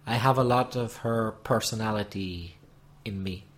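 A man's voice: on the low side, normal speed. A man who teaches languages, co-hosting a casual podcast, playful and teasing in his banter.

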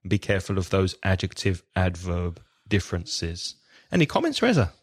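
Guy with a lowish voice co-hosting a language podcast, patient teacher vibe. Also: wildly swooping pitch, normal speed. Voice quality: patient, explanatory teacher manner. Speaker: podcast co-host. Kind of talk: friendly English-teaching podcast talk.

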